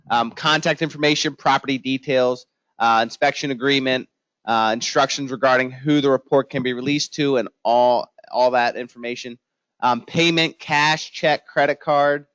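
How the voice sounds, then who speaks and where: A man's voice: medium pitch, a bit bright, no room sound. A man, a home inspector giving an informal training talk to real estate agents, telling funny stories and acting out his own panicked reactions. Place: office training room. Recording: dull lo-fi room recording.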